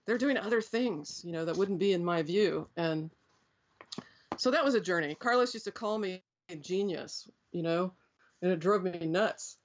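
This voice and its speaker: A woman's voice: fairly low pitch, normal speed, slight background noise. A middle-aged woman reflecting on her past as an interview guest, rambling with many fillers and restarts. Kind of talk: reflective storytelling. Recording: dull lo-fi sound.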